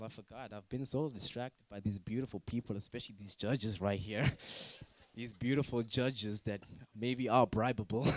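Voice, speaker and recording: A man's voice: mid-range voice, no room sound. A man from Africa doing a stand-up comedy set at a student talent show, teasing the crowd and judges with mock outrage.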